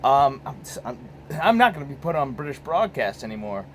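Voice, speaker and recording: A man's voice: mid-range voice, very animated, fairly quick, slight background noise, poor audio. An American man hosting his own casual vlog, rambling and profane, filmed on a phone. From United States. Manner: rambling, profane, many restarts. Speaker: host.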